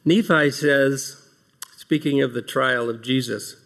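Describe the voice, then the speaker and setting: A man's voice: medium pitch, takes it slowly, creaky, fairly bright tone. A man giving opening remarks in an earnest devotional talk, asking rhetorical questions and reading scripture aloud. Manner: reads scripture passages aloud. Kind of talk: devotional talk to a large audience.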